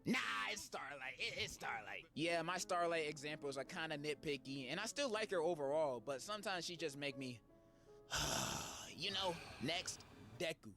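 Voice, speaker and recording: Man, mocking comedic rant, high lively delivery, music bed. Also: moderate pace. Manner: sarcastic and slangy, mocking. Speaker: video commentator. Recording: background music under the voice.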